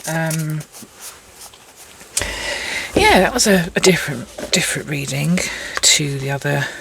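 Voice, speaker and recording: A woman with a low, gravelly voice gives a casual tarot reading at an indoor table with cards, chatty and rambling, tossing in self-mocking asides. There's noise in the background.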